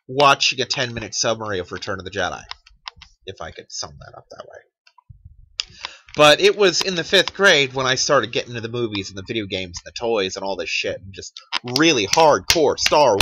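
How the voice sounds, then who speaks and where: A man's voice: mid-range voice, bright, forceful tone, slight background noise, low-quality recording. A man in his thirties ranting in a profane, sarcastic monologue as a channel host, mocking other people in put-on quotes.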